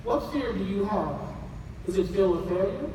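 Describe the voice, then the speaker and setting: A man preaching a sermon with passion, rising to shouts and calling on the congregation to answer. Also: high-pitched, expressive, normal speed, recorded from a distance, a little hiss or hum. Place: large church hall. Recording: echoey hall, voice from afar.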